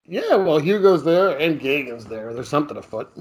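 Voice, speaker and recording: A man's voice: on the high side, very animated, moderate pace, darkish tone, husky. A man co-hosting a casual film podcast, laughing often and acting out lines from scenes. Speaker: podcast co-host.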